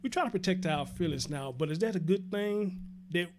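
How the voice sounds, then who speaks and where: Brief: male call-in host, high-pitched, blunt, profane. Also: lively intonation, a little fast. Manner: blunt, profane, laughs loudly. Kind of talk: casual call-in radio talk.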